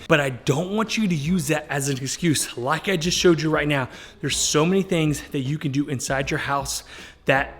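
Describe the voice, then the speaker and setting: Man, fitness coach, upbeat home vlog, slightly raised pitch, filmed on a camera at home. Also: fairly bright tone. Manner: upbeat, coaching, keeps calling viewers guys. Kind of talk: casual motivational home vlog. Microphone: camera set up nearby.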